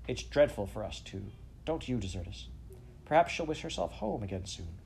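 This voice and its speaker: A man's voice: medium pitch, sing-song, moderate pace, gravelly, darkish tone, slight background noise. A man voicing an earnest, careful young girl.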